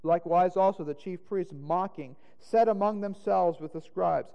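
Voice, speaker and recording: Here a man reads scripture with drama, his voice sitting high and gravelly as he moves at normal speed with few pauses. He lifts to loud exclaims whenever he hits quoted lines, all inside a long, echoing hall reverb.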